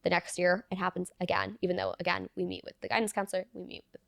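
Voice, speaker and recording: A young woman speaks as an interview guest, her voice carrying a gravelly fry. She tells her story earnestly, with many fillers of "like", recorded close and dry. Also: on the low side, quick pace, a bit bright, dry recording. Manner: earnest, fillers of "like", reenacts dialogue. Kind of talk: personal storytelling in conversation.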